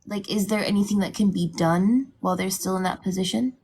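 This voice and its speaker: A woman's voice: medium pitch, brisk, a crowd in the background. A woman calling in to a live stream, asking an earnest, probing question.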